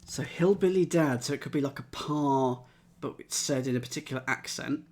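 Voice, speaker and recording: A man's voice: medium pitch, normal speed, darkish tone. A man streaming, thinking aloud as he solves a crossword and chats with his live chat, methodically trying out letters and words.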